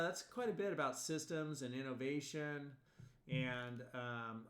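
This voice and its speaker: A male college instructor giving a recorded video lecture in a loose, rambling way, full of fillers and restarts. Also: mid-range voice. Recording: echoey room.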